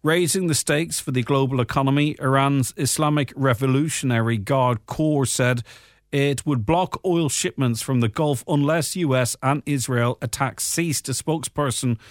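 An Irish man with a faint English twang reads through the day's papers, breaking off into chatty asides full of ums and uhs. His voice sits at an ordinary pitch and sounds close and dry, with no room around it. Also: normal speed, no room sound. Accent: Irish with a slight English twang. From Ireland. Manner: conversational, frequent fillers and asides. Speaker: radio host reading the papers. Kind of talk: casual news chat with commentary.

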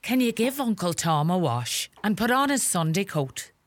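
A woman acting out a bossy, sharp-tongued Irish farm mother in middle age, scolding and fussing in a lilting, lively voice. Her Irish accent is thick. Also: medium pitch, moderate pace, no echo. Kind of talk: comedy sketch acting.

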